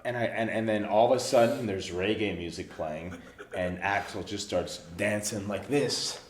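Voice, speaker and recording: A man telling an anecdote casually, animated and profane, laughing as he goes. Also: lowish voice, a little slow, reverberant, slight background noise. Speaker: storytelling guest.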